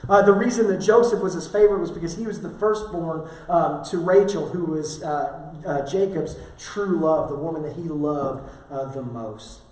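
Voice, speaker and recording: A man's voice: fairly high pitch, normal speed, few pauses, darkish tone. A male pastor preaching a sermon, telling stories casually with many fillers. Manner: casual storytelling with frequent fillers. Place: church sanctuary. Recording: very echoey church hall from far off.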